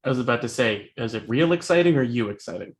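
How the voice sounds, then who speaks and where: A man's voice: mid-range voice, expressive, quick pace. A man playing in a tabletop role-playing game, chatting casually in character. His delivery is dry and teasing. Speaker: player.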